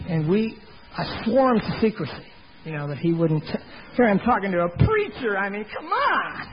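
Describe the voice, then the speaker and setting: A man's voice: high voice, big pitch swings, moderate pace, lo-fi sound, a little hiss or hum. A middle-aged man telling his personal testimony in a folksy storytelling way, acting out what other people said. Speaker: former door-to-door salesman giving testimony. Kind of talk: personal testimony told to a congregation.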